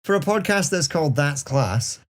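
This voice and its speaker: A man's voice: fairly high pitch, expressive, moderate pace. A man in his thirties hosting a podcast in casual chat, joking and bantering with puns. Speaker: podcast host.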